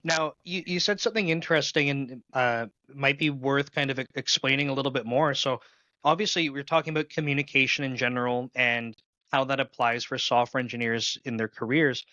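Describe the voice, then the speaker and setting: A man's voice: mid-range voice, fairly even intonation, fairly quick, pushed and bright, no room sound. A man from Canada with a Canadian accent, hosting an interview in an easygoing way and thinking aloud with restarts. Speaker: podcast host. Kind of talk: casual interview conversation. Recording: muffled, dry lo-fi mic.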